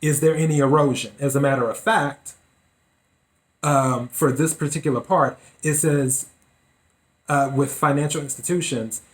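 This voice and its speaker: A man hosting his own podcast, giving deliberate, opinionated solo commentary. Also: on the high side, steady tone. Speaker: podcast host.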